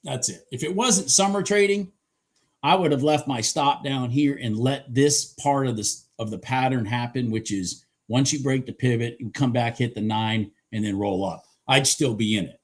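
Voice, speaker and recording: Husky-voiced man cheering his trades. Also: medium pitch, moderate pace. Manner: profane, cheering the chart on. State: hoarse, clearing his throat. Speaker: day trader streaming live. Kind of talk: live trading commentary.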